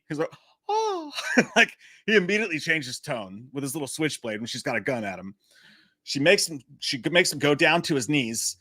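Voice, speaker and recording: Animated, bright-voiced male livestream host. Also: mid-range voice, no room sound, studio quality. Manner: animated, profane, self-mocking jokes. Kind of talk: casual live chat about a movie.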